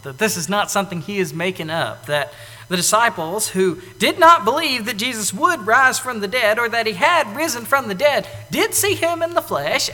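A man preaching a sermon in an animated way, acting out the lines he quotes, now loud and now soft. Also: high-pitched, long reverb tail. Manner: animated, acts out quoted lines with big swings in loudness.

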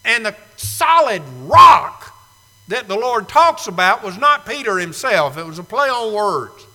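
A man preaching a sermon in a church, emphatic and swinging between loud and hushed. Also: high-pitched, big pitch swings, a little slow, long reverb tail, low-quality recording. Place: church sanctuary.

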